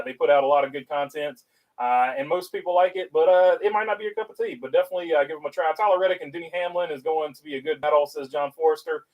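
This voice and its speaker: A man's voice: a little high, distant mic, poor audio. A man with a North Carolina Southern accent hosting a casual livestream, reading viewer chat aloud and rambling with lots of filler uhs.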